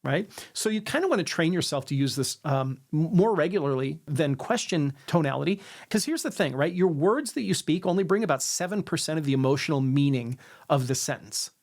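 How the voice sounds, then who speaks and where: A man's voice: lively intonation, fairly quick, darkish tone. A man teaching sales influence techniques to camera, who often tags his sentences with "right?" and ends them on a falling note. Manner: demonstrates intonation, ends sentences on a lower note. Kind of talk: instructional talk to camera.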